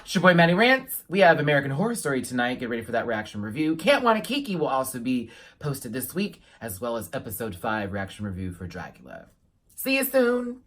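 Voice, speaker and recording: A man giving a casual reaction review to his viewers, animated and sassy, with playful asides. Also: medium pitch. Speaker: YouTube reviewer.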